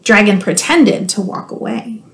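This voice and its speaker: A woman school librarian reading a children's storybook aloud, expressive and playful, with teasing asides to her listeners. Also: medium pitch, unhurried, vocal fry, a little hiss or hum.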